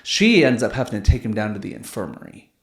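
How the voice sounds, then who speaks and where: Recorded with a roomy echo, this male podcast host speaks quickly on the low side, his pitch swinging widely and his voice showing vocal fry. He tells stories in a loose, slangy way, cursing and saying "dude" often.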